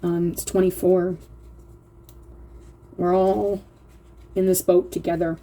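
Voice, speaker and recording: A woman giving a casual spiritual card reading, earnest and heartfelt, reading card texts aloud slowly and often speaking straight to her viewers. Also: fairly low pitch, level tone, dark tone. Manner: earnest, slow reading aloud, often addressing "you guys". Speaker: oracle card reader.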